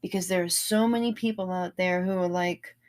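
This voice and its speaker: Woman, vlogger, low-pitched voice, earnest, enthusiastic, rambling casual monologue. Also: fairly even intonation, brisk, darkish tone.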